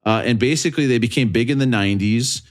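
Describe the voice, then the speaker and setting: This podcast host is a man who talks fast at a medium pitch. He chats casually with friends, joking in an animated way and laughing as he goes.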